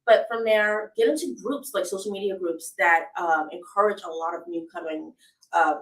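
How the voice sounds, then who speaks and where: A woman's voice: lowish voice, normal speed. A woman voice actor talking casually in an interview, chatty and laughing often. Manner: chatty, laughs often, says "you know" a lot. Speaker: voice actor guest. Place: live event in a house. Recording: echoey room, distant mic.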